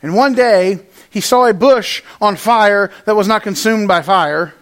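A man with a high-pitched voice preaching a sermon. He swings from loud, emphatic stretches to hushed, quiet ones and acts out the words he quotes in an animated way. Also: measured pace. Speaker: pastor.

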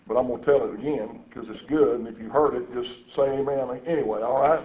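A man's voice: medium pitch, fairly even intonation, fast, slight background noise. A man preaching a sermon and telling stories, with folksy asides to the congregation. His voice sits in the middle range. The sound is echoey and thin, like it came over a phone line.

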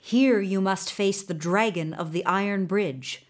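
A woman voicing a calm, commanding magical male horse in a storybook reading, giving steady instructions. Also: mid-range voice, measured pace, close to an everyday voice. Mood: calm guiding.

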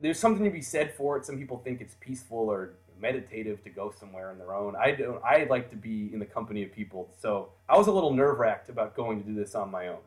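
An American man telling a long personal story in a casual podcast chat, animated and often laughing as he acts out the people in it. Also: fairly low pitch, fast talker, few pauses. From United States.

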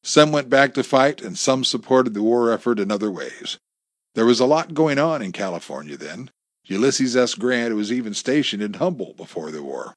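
Gruff taunting male gunman read by a man, mid-high, swinging pitch, dry booth sound. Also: animated, moderate pace, no room sound, natural voice. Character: menacing male gunman, cocky storyteller.

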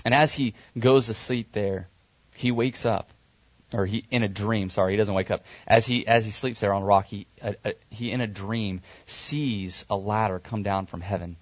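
Guy preaching, low voice, retelling a bible story casual, dry close sound. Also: fairly even intonation, moderate pace, dry recording. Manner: conversational storytelling with fillers and self-corrections.

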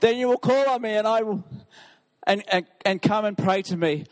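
A man's voice: high-pitched, moderate pace. A male pastor preaching an impassioned sermon, reading scripture with emphasis.

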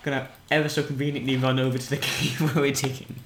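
Man from england, quick talker, silly sweary gameplay banter, echoey room, faint hiss. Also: mid-range voice, flat delivery. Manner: rambling, silly, swears a lot. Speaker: podcast co-host. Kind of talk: joking gameplay chat in character.

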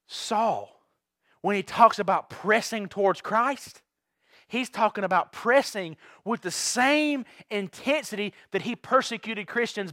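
A man preaching a sermon to his church, telling stories with big swings from quiet asides to shouts. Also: sits high, dry recording, clean studio sound. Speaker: pastor.

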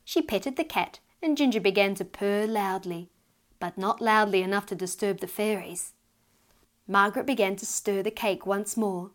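A woman reading her own storybook aloud with gentle, expressive storytelling. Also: mid-range voice, normal speed. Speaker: author and narrator.

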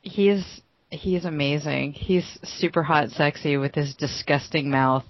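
Bubbly low-voiced woman podcaster. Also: unhurried, dull audio, slight background noise. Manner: bubbly, giggly, enthusiastic. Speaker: podcast co-host. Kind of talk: casual gaming podcast chat. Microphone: home podcast microphone.

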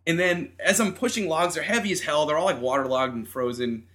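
A man's voice: fairly high pitch, brisk, a bit bright. A man co-hosting a podcast, telling a story in casual chat, acting out voices and laughing as he goes. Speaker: podcast co-host.

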